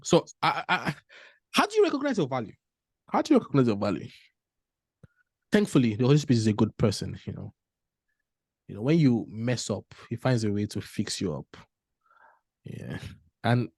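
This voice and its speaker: Animated man telling a story. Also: mid-range voice, vocal fry, slightly rough, no room sound, clean studio sound. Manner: animated, laughs often, acts out dialogue. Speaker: panel speaker. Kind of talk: motivational storytelling talk.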